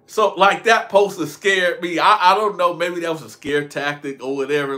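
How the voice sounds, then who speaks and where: A man's voice: on the high side, normal speed, bright, forceful tone. A young man telling a rambling, slangy prison and street story to his viewers, often laughing at himself. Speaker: storytelling vlogger. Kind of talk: casual storytime monologue.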